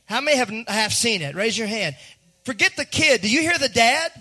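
A high-voiced man preaching. His delivery is animated, dropping to near-hushed asides before climbing to shouted lines. The tone is bright and ringing. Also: normal speed. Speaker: pastor. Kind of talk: sermon.

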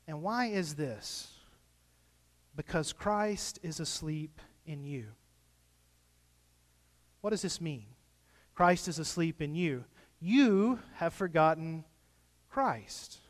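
Conversational preacher in a reverberant hall. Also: male voice, a little high, animated, takes it slowly, long pauses. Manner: conversational, rising to impassioned pleas. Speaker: pastor. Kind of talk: sermon.

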